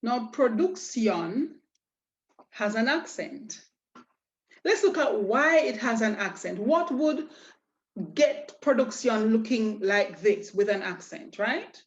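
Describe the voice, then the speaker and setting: Slow, patient woman teacher. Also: a little high, animated, dull audio. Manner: slow, patient explanation, spelling out letters. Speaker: Spanish teacher. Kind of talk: online lesson.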